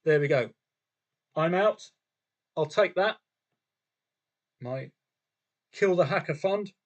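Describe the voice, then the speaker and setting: A man's voice: on the high side, slow, dull audio. A man hosting a live football trading stream, chatting casually to viewers and himself with frequent rhetorical questions. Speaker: football trading livestream host. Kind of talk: casual live commentary on matches and bets.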